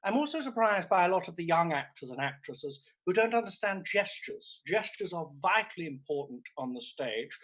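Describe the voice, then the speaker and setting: A man's voice: sits high, big pitch swings, a bit bright, pitched above the performer's own voice, heavily acted, poor audio. A man playing a vain theatrical grande dame. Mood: lecturing. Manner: camp, theatrical, swearing, drawn-out declarations. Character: vain grande dame actress, middle-aged woman, theatrical and self-absorbed. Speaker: comedian host. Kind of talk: live-streamed character comedy. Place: home, streamed online. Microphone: laptop or streaming mic.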